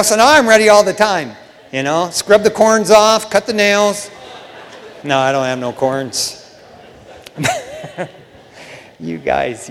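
A man preaching a sermon in a casual, joking way, often saying "man", swinging between hushed asides and loud bursts. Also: sits high. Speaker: pastor. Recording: long hall reverb.

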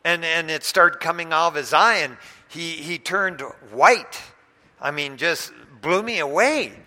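A man preaching in a church sanctuary, his voice sharp and forceful and pitched a little high. He tells his story with animated delivery, swinging between loud bursts and hushed moments. A long reverb trails each phrase. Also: a little slow. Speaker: pastor. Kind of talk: sermon with personal storytelling.

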